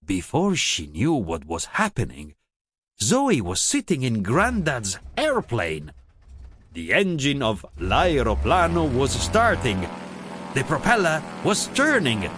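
A man narrating a children's storybook in an expressive, sing-song way. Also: medium pitch, slow pace, breathy edge, soft background music. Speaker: storybook reader.

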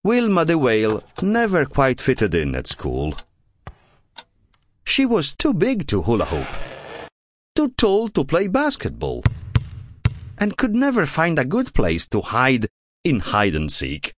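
Slow, animated man reading a storybook. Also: no echo. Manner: slow, very lively pitch, playful. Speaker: audiobook narrator. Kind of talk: children's storybook narration.

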